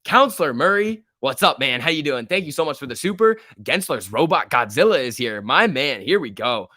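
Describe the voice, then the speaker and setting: An excitable young man chats through a live stock-market stream, laughing easily and reacting to the chat as it scrolls by. His voice sits in a middle register and sounds dry and close, with no room echo around it. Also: mid-range voice, a little fast. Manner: excitable, laughs often, reads chat aloud. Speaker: stock livestream host.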